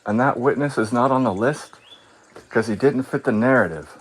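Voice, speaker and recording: A man talking on his live stream in a casual rant, sarcastic and mocking, often laughing, swinging between calm and heated. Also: medium pitch, moderate pace, slightly rough. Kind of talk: casual ranting monologue.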